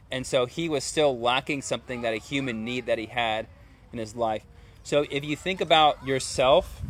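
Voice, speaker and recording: In a mid-range voice with slight background noise, a man delivers a conversational sermon. He keeps putting rhetorical questions to his listeners.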